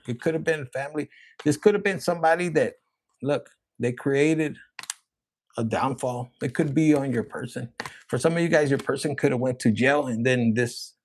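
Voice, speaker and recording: Raspy gravelly dude w a doing a tarot reading, swearing a lot, all over the place. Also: male voice, medium pitch. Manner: profane, rambling, excitable. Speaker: tarot reader.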